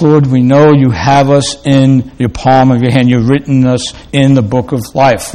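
A man's voice: medium pitch, mellow. A man preaching a sermon as a pastor, earnest, often repeating himself and restarting phrases before closing in prayer.

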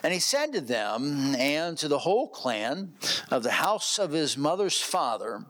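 A man's voice: fairly high pitch, very animated, unhurried, a bit bright. A man preaching an expository sermon, reading verses and posing rhetorical questions to the congregation. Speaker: pastor.

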